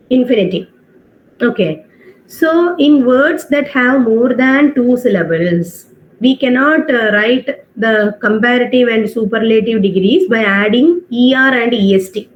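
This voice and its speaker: Speaking unhurriedly in a slightly high voice, a woman runs an online English class over video call, going step by step, asking questions to check in and dropping in Hindi phrases. The audio is dull with slight background noise.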